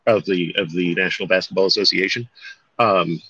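A man's voice: low voice, fairly even intonation, brisk, bright, forceful tone, slightly rough, no room sound. A man co-hosting a podcast in casual chat, rambling and correcting himself as he goes, with some mild swearing. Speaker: podcast co-host. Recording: dull, dry home-mic sound.

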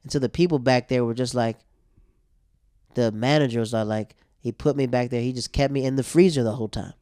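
Young man, slangy and animated storyteller, mid pitch, dry close sound. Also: fairly quick, clear, resonant tone, dry recording. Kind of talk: casual chat.

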